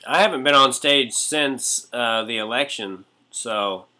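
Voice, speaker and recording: A male comedian in casual conversation with a bright, forceful tone. He speaks candidly and throws in profane asides. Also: medium pitch, a little slow. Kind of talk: casual podcast chat.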